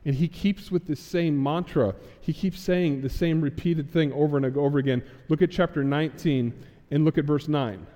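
A man's voice: fairly high pitch, normal speed, dark tone, big-room sound. A man preaching a sermon, acting out Bible figures in casual modern speech. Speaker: pastor. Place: church sanctuary.

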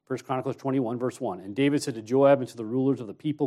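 A man, an associate pastor, preaching a sermon, telling a personal story in an easy conversational way and then exhorting more forcefully. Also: mid-range voice, quick pace, few pauses. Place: church.

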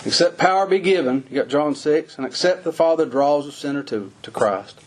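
A man preaching a folksy sermon, his voice climbing high on the emphatic lines. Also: brisk.

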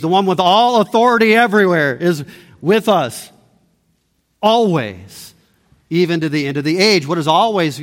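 Male pastor, emphatic sermon delivery, slightly high voice, long church-hall reverb. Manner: emphatic preaching, swinging between loud peaks and hushed low lines. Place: church sanctuary.

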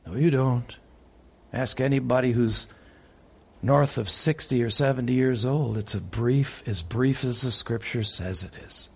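A man preaching a sermon, moving between urgent raised passages and quiet, hushed ones. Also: medium pitch, a little slow, creaky, slightly rough. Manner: preaching with sharp swings from loud urgent peaks to hushed tones.

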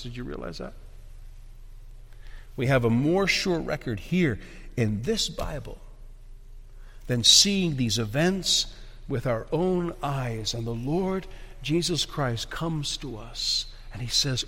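A pastor preaching a sermon, emphatic and repeating key phrases, often dropping to a soft, hushed delivery. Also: male voice, medium pitch, slow. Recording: long hall reverb.

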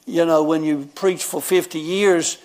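A man's voice: a little high, fairly even intonation, measured pace, a little mellow. A man, telling a personal story in a folksy, rambling sermon and chuckling often. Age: 70s. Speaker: guest preacher.

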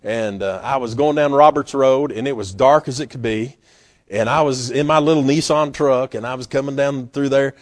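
A man preaching a sermon in a folksy, storytelling way, acting out scenes with sudden loud bursts. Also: medium pitch, normal speed.

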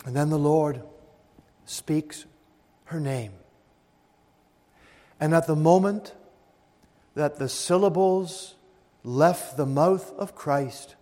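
A man with a high voice preaches slowly and deliberately, stretching out his phrases. He swells to loud, emphatic peaks and then sinks to hushed, low tones. The sound carries a long reverb, like a big hall. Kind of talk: sermon.

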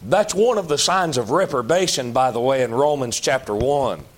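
A man with a drawl delivers a sermon at a mid pitch. He talks in a folksy, plain way, swinging from loud, emphatic bursts to low, slow asides. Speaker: pastor.

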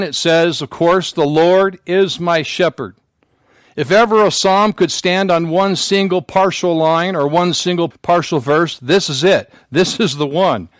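A man's voice: on the high side, no echo. Man preaching a sermon, dry sound. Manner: preaching with solemn emphasis and repetition. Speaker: pastor. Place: church sanctuary.

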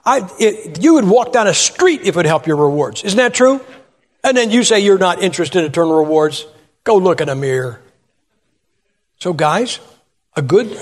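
A man's voice: high-pitched, lively intonation, fairly quick, slightly rough, big-room sound. A man preaching a humorous sermon in church, telling folksy stories, asking the crowd rhetorical questions and acting out voices. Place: church sanctuary.

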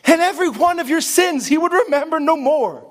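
A male pastor with a very high-pitched voice preaches to a congregation. He delivers his sermon with passion and keeps asking rhetorical questions. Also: lively intonation, fairly quick.

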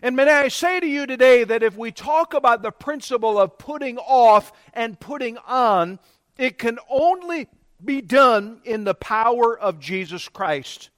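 A man's voice: very high voice, expressive, a little slow, fairly bright tone, no room sound, clean studio sound. A man preaching a sermon to his congregation, calling for responses and building to emphatic bursts. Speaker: pastor.

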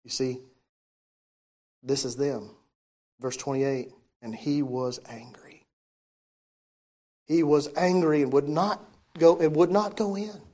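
Preacher, mid-range voice, reads scripture then unpacks it with questions to the room, swings from loud to hushed. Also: mid-range voice, fairly even intonation, takes it slowly, pauses often. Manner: reads old-style scripture aloud, then explains it with questions to the listeners; shifts often between loud emphasis and soft, hushed delivery. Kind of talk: sermon with scripture reading.

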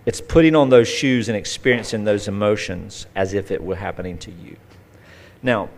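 A man's voice: fairly high pitch, fairly bright tone. A male pastor preaching a conversational sermon, telling folksy stories with vivid acted-out asides.

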